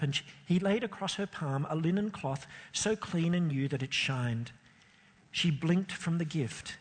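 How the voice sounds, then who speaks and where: A man telling a story in a dramatic, expressive reading, slowing down with emotional pauses. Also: a little high, slightly rough. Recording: long hall reverb.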